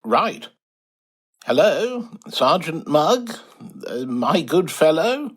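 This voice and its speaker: A man's voice: a little high, big pitch swings, extremely slow, a bit bright, husky, full character voice. A man playing a flustered posh bumbler. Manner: flustered, posh, hesitant, wildly swooping delivery. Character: bumbling posh English time-traveller, retired man. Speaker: lead character and narrator. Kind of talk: comic audio drama acting.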